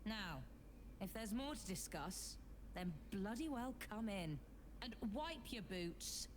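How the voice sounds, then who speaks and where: An actress playing a sharp-tongued, bossy young woman who scolds in a dry, emphatic way. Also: mid-range voice, animated, slow, noisy background. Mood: scolding.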